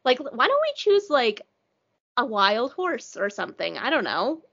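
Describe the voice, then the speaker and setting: A woman in casual book chat with a bright, high, bouncy voice, rambling with plenty of "like" and anxious humor. The sound is dull and lo-fi. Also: wildly swooping pitch, measured pace, vocal fry. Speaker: book podcast co-host.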